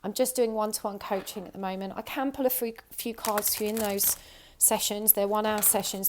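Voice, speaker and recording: A woman with a sore throat and an odd high-pitched twang, giving a pick-a-card tarot reading and often saying what she feels. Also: noisy background. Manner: intuitive, repeats "I feel like". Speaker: tarot reader.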